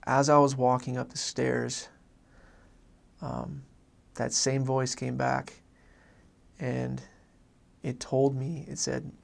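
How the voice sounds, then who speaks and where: A man, a former missionary, telling an earnest faith story in a halting way with many restarts. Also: mid-range voice, little pitch movement, gravelly. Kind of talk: personal faith testimony story.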